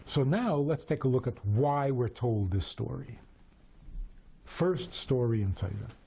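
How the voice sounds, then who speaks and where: A man teaching Torah through storytelling, animated and full of rhetorical questions. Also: medium pitch, a little slow, a little hiss or hum. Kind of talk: storytelling lesson.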